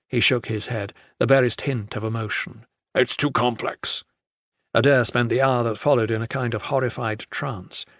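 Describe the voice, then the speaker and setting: Gravelly male audiobook narrator. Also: mid-range voice, no room sound, studio quality. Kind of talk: scripted narration.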